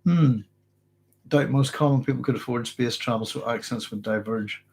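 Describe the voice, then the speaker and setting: In this casual livestream Q&A, a middle-aged man with a mixed Northern Irish accent responds to chat at a normal pace. His mid-range voice is husky with a darkish tone, and he's from Northern Ireland. Hoarse from a cold, he rambles, restarts repeatedly and chuckles a lot.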